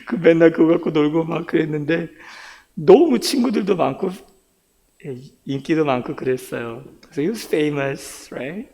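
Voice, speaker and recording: A man's voice: a little high, animated, racing, creaky, warm tone. A middle-aged man with a pastor's role, telling his own story in a sermon that switches between English and Korean, laughing now and then as he tells it. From grew up in Brooklyn, New York. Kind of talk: bilingual sermon testimony. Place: church sanctuary. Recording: long church reverb.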